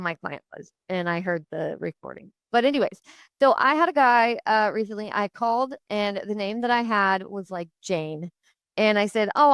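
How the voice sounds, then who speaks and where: A woman hosting a podcast, telling a story in a chatty, animated way with many fillers. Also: medium pitch, smooth, no room sound. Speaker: podcast host.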